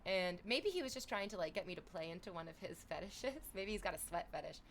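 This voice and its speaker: A young adult woman livestreaming, chatting casually with viewers, thanking subscribers and reading chat messages aloud in an animated way. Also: on the low side, fast, a little hiss or hum.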